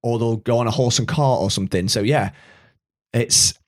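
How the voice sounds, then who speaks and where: A man's voice: medium pitch, moderate pace. A man co-hosting a podcast, talking through a film in an easygoing way and checking the details as he goes. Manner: easygoing, looks details up, agrees often. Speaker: podcast co-host. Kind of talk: casual film chat.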